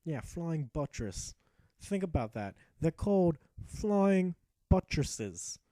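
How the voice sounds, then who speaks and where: A man's voice: on the high side, big pitch swings, takes it slowly, warm tone, no room sound. Sarcastic man narrating gameplay. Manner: sarcastic, profane, joking asides. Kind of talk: mock-epic gameplay narration.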